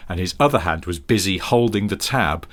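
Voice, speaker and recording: A man's voice: low-pitched, expressive, a little fast. A man co-hosting a casual podcast chat, telling a story in a wry way. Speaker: podcast co-host. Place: home.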